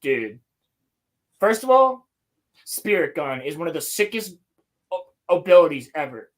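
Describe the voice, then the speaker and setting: A young man co-hosting a casual podcast, talking about anime in an excited, rambling, slang-heavy way. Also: on the high side, measured pace. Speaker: podcast co-host. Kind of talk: casual chat.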